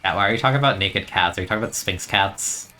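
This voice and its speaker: A man's voice: low-pitched, quick pace, pushed and bright, a little hiss or hum. A young man streaming a video game, chatting in a rambling, easygoing way and laughing often. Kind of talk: casual gameplay commentary.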